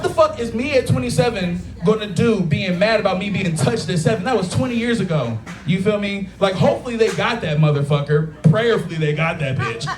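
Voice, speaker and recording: High-voiced man doing stand-up in an echoey bar. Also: fairly quick, hardly any pauses, over music. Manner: profane, animated storytelling with acted-out quotes. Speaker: stand-up comedian. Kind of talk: stand-up comedy set. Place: taproom stage with a live audience. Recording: echoey bar room with loud crowd laughter.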